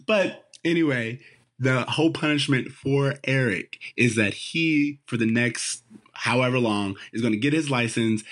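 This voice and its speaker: A man co-hosting a podcast, chatting casually about a sitcom episode, laughing often and acting out characters' lines in a lively voice. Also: medium pitch. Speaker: podcast co-host.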